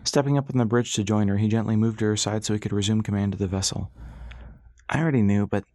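A man reads an audiobook in a lowish voice, keeping his storytelling steady and measured. The audio is studio quality, with no echo.

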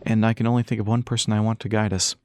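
A man voicing Elias, a wry, weary husband and father in an audiobook, soft and teasing. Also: fairly low pitch, flat delivery, very fast, no echo, clean studio sound, lightly acted. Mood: tender.

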